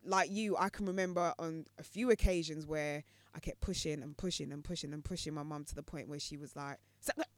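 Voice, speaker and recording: A woman's voice: sits low, a little fast, few pauses, no room sound. A woman co-hosting a casual podcast chat, telling stories animatedly and acting out voices. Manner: animated storyteller, acts out voices. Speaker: podcast co-host.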